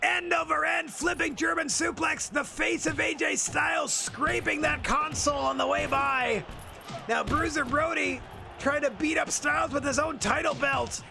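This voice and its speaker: A gravelly, booming wrestling announcer, put on by a man for a video game stream, pitched high and punching out dramatic play-by-play calls. Every move gets the full ringside treatment, hyped and theatrical. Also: fairly even intonation, moderate pace, music in the background, full character voice. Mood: excited.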